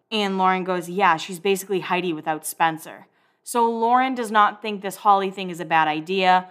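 A woman's voice: medium pitch, moderate pace, a bit bright. Woman, casual recap commentary, sarcastic, blunt, acts out quotes. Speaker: recap podcast host.

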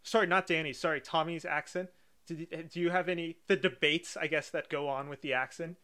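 Man, podcast co-host, bright voice, slightly high, inquisitive, rambling questions. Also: fairly even intonation, brisk, clean tone. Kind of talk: casual podcast chat.

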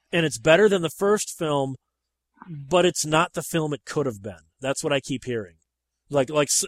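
A man with a somewhat high voice chats casually about movies, animated and emphatic. His pitch jumps up when he presses a point. The sound is close and dry, with no room around it. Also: no room sound.

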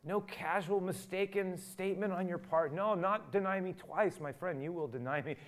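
A male pastor preaching a sermon, acting out the dialogue he quotes and rising from quiet to loud. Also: high-pitched, normal speed.

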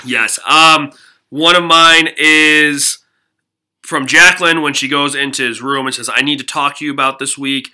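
A man's voice: fairly high pitch, steady tone, moderate pace, bright, forceful tone, clear, resonant tone. A man co-hosting a podcast, chatting casually and laughing as he recaps a reality show. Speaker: podcast co-host. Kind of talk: casual chat.

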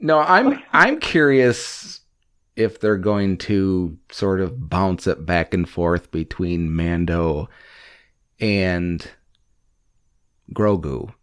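A podcast host chatting on a call, with a low voice that swings widely in pitch. Talks slowly, laughs often and stays playful. The sound is dry and close. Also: lively intonation, clean tone, no room sound. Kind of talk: casual chat. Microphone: call audio.

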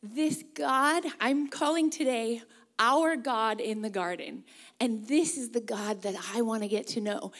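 A woman's voice: fairly high pitch, a little slow. Earnest woman preaching a sermon. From Pacific Northwest. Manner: warm, earnest, leads congregation in reading. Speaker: guest preacher.

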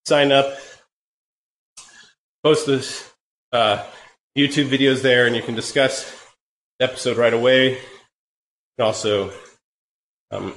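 A man with a cold, hosting a live cycling-training Q&A in a relaxed, rambling way with many fillers. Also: medium pitch, unhurried, pauses often. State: hoarse from a cold. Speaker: podcast host. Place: home room, riding an indoor trainer. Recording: echoey room with faint ambient noise.

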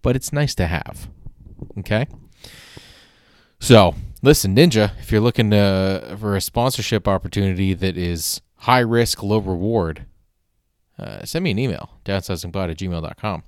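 A man with a very low voice hosts a casual solo podcast, rambling at a moderate pace in a wry, self-deprecating way. He restarts his sentences often and swears casually, and the recording is dry and close with no room sound or echo.

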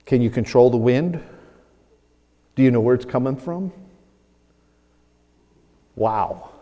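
A man preaching a sermon as pastor, animated and acting out the voices of people he quotes, chuckling often. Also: mid-range voice, slow, big-room sound, dull audio.

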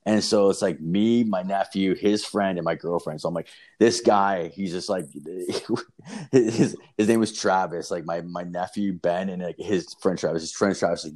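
Very deep-voiced profane man telling a story. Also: moderate pace, darkish tone. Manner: profane, rambling, lots of fillers. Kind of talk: casual storytelling chat.

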